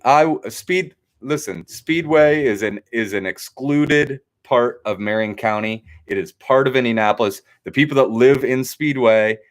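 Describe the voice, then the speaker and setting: A man hosting a trivia game, talking casually with joking, rambling asides. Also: medium pitch.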